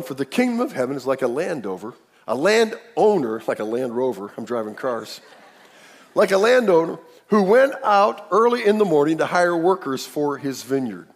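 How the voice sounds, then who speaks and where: Husky, animated preacher in a reverberant church. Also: male voice, a little high. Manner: animated preaching, acts out the people in the story. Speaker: pastor. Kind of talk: sermon. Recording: long hall reverb.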